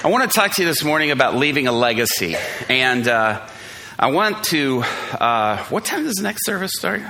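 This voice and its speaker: A man's voice: medium pitch, very animated, normal speed, gravelly, pushed and bright, a faint crowd, a little hiss or hum. A man in his forties preaching a sermon, telling stories with jokes, fillers and restarts. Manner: storytelling, joking, self-deprecating, many fillers and restarts. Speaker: pastor.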